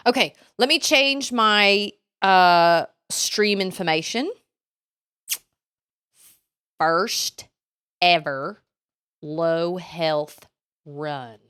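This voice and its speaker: A woman chatting casually on a live stream, easygoing and unhurried. She rambles a little and thanks viewers by name in a slightly low voice. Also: fairly bright tone, clear, resonant tone.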